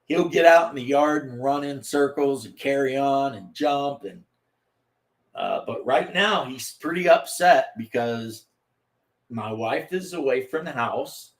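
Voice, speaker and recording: Streamer host, male, slow drawl, meandering chat full of ums. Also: medium pitch, expressive. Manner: slow, rambling, with many fillers and restarts. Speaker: livestream host. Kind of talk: casual livestream chat.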